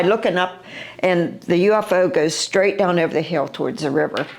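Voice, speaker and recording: An older woman with a West Virginian accent, recounting her own encounter as an eyewitness in a halting, vivid way, with fillers and restarts. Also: fairly low pitch.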